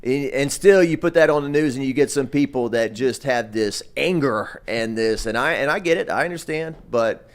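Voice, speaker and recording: A man's voice: mid-range voice, moderate pace, hardly any pauses. A man, a sports reporter talking casually on a radio show, rambling with frequent restarts.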